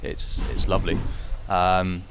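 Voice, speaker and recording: A man's voice: low voice, completely flat delivery, measured pace, over music. A man from South Wales with a British accent, a doctor chatting easily as a guest while out on a bike ride. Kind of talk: casual interview chat.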